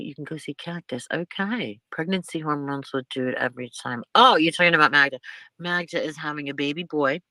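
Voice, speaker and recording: A woman's voice: deep voice, sharp tone, no room sound. A middle-aged woman hosting a live stream in casual chat, rambling from one thing to the next and laughing often.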